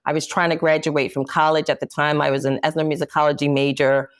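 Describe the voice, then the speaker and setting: A woman's voice: low voice, level tone, fast talker, clear, resonant tone. A woman, a jazz singer, speaking as an interview guest and candidly recounting personal events with emphatic, impassioned delivery.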